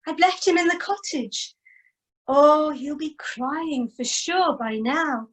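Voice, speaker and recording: A clever young mother frets aloud and coaxes her way home, with a high voice and a slow, careful delivery, as a woman storyteller puts her on. It sounds like a spoken folk tale. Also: expressive. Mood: fretful. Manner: fretful, pleading, then coaxing.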